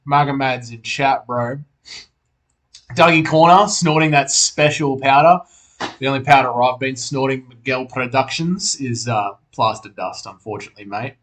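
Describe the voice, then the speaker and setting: A man's voice: mid-range voice, normal speed, a bit bright. A young Australian man hosting a casual livestream, reading out chat messages, laid-back and swearing freely.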